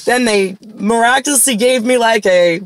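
A woman's voice: on the high side, normal speed, dry recording, poor audio. A woman in her forties from Long Island, talking in a rambling, profane monologue full of "like" fillers. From Long Island, New York.

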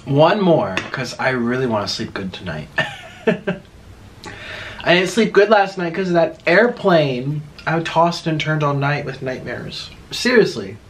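A young man chats loosely while eating on camera, talking with his mouth full and wandering from thought to thought. His pitch jumps up and down in a lively way. A faint hiss of noise sits under the voice. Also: takes it slowly. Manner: chatty, rambling, talks with mouth full. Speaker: mukbang host. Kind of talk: casual chat while eating.

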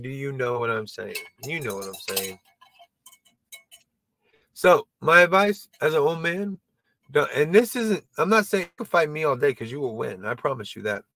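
A man's voice: a little high, sing-song, normal speed, a bit bright, no room sound. A man in his sixties hosting a comedy show, doing a loose, rambling, profane stand-up monologue. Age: 60s.

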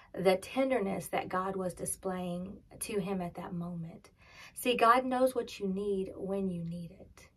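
A woman's voice: mid-range voice, a bit bright, slightly rough. A middle-aged woman pastor giving a sermon in a conversational, storytelling way, dropping her voice almost to a whisper for emphasis.

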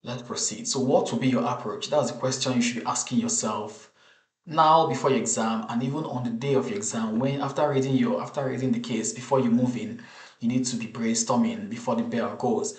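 A man's voice: mid-range voice, fairly even intonation, a little mellow. Man explaining exam cases in a roomy space. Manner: measured, explanatory, frequent restarts and "you know". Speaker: medical exam tutor. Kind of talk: lecture over slides. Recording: roomy echo.

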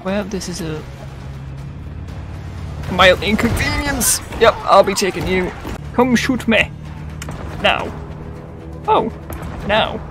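A young man playing through a game and talking over it in a goofy, excitable way, cursing and bantering with the characters on screen. His voice swings up and down constantly, and he stretches his words out at an unhurried pace. Soft game music hums underneath. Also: sits high. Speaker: gamer. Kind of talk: let's play commentary.

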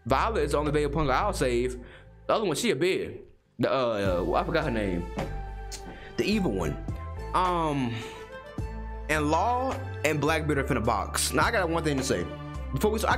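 Profane young man reacting loudly. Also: high-pitched. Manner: profane, loud, incredulous outbursts. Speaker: anime reaction YouTuber. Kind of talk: casual reaction commentary.

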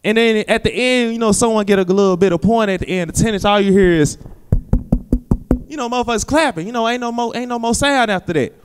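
High, smooth-voiced man doing stand-up. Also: quick pace, in a large hall. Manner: loose rambling delivery with lots of fillers. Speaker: stand-up comedian. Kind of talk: stand-up comedy set. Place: comedy theater stage. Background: audience laughter.

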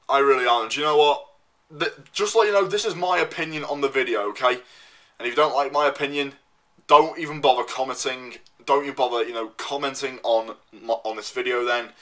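A young man ranting to camera, swearing heavily and repeating himself as he works himself up. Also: mid-range voice. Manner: swears constantly, repeats himself, loud and worked up. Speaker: vlogger. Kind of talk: profane ranting monologue.

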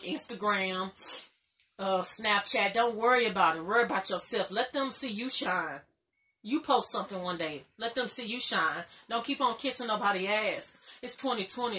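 A young woman talks straight to the camera in a bright, forceful voice. She gives casual, emphatic advice and repeats her points with informal slang. At times she is close to tears. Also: medium pitch. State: crying at times. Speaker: vlogger.

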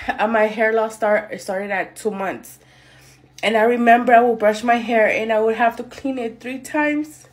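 Woman in her thirties, casual at-home vlogger with a slightly high voice, chatty and full of fillers, talking into her phone. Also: steady tone, measured pace. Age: 30s. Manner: chatty, talks straight to viewers with many fillers. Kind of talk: casual vlog addressing viewers. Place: at home getting ready in the morning.

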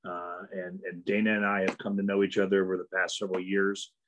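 A man's voice: deep voice, monotone, a little fast, a bit bright, a little hiss or hum, rough recording. A man hosting an award ceremony over a video call, speaking earnestly with frequent ums and uhs. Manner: many fillers, earnest and praising. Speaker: event host.

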